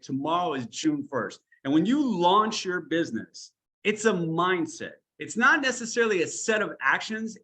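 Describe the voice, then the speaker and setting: Male business trainer, a little high, bright and forceful, blunt and chatty, tough-love coach on a video call.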